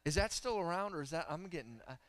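A man in his thirties preaching a humorous, animated sermon that swings between loud and soft. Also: on the high side, quick pace. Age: 30s.

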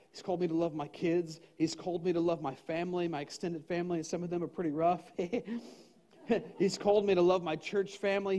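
High-voiced man preaching conversationally. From United States. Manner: conversational and animated, laughing often and acting out his own thoughts in quotes. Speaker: pastor. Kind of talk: spontaneous sermon with personal story.

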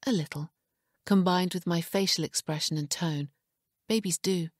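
A woman voicing a gentle, caring mother who speaks in a hushed, soothing way in an audiobook. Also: fairly low pitch, normal speed, dry recording, clean studio sound, lightly acted. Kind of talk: audiobook character reading.

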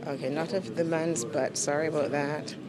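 A woman's voice: low-pitched, steady tone, normal speed. A young woman, a student reporter, vlogging casually and self-mockingly on her phone while walking through a church. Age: young adult. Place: busy church interior. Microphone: phone held while walking. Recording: phone audio in a crowd. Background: crowd of visitors.

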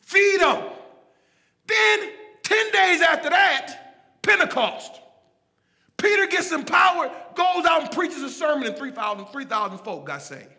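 A high-pitched man preaching in a church, his voice very bright and ringing, with a long church reverb. He calls out to the congregation in a casual, folksy way, and swings from shouting to low asides. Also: sing-song, unhurried. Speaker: pastor. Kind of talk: sermon. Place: church sanctuary.

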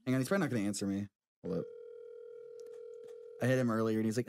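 Excitable man with a Southern twang. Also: medium pitch, rapid-fire, slight background noise. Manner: excitable, yelling and laughing, swearing. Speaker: band member guest. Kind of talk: casual live radio chat.

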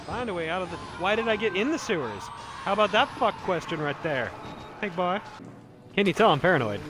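Talking fast and animatedly in a voice on the high side, a streamer narrates his live horror gameplay. He's out of breath and tipsy, yelping and swearing whenever something startles him, with jokes thrown in between.

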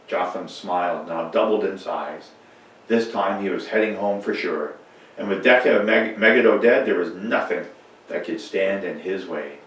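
Man, storybook reading, expressive, low pitch, heavy church echo. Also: moderate pace. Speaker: reader. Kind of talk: reading a children's story aloud. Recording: echoey church from far off.

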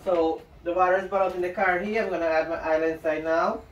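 High-voiced man cooking. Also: fast, dull audio. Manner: chatty, relaxed, talks straight to viewers. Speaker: cooking vlogger. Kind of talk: casual cooking demonstration. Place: home kitchen. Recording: roomy kitchen, distant mic, sizzling.

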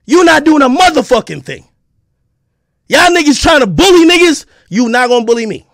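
A man streaming an angry, profane rant, confrontational and breaking into shouts. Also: very high-pitched, big pitch swings, a little fast, no echo, clean studio sound.

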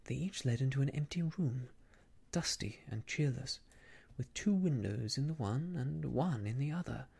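Male ASMR reader: husky, gravelly whisper, very slow, expressive melody. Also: mid-range voice. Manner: soft, hushed, unhurried reading of a classic. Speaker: storyteller.

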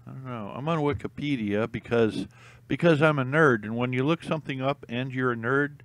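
A man's voice: medium pitch, normal speed, dry recording. A young man chatting casually to camera, rambling with lots of ums and uhs and frequent laughs. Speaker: vlogger.

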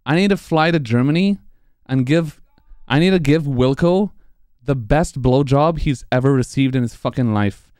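A young man streaming live, excited and out of breath from laughing, swearing freely as he celebrates. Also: mid-range voice, moderate pace, dry recording, studio quality. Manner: excited, profane, laughing between lines. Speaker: speedrun streamer.

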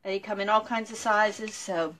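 Speaking at normal speed with a medium-pitched, a bit bright voice and fairly even intonation, a furniture makeover vlogger chats through a painting how-to. She's chatty and full of ums, and talks to her dog. There's a little hiss or hum.

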